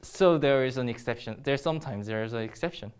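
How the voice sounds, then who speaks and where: Low-voiced woman teaching Korean grammar. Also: fast, a little mellow, clean tone. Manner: explains step by step with frequent ums and restarts. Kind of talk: recorded grammar lesson.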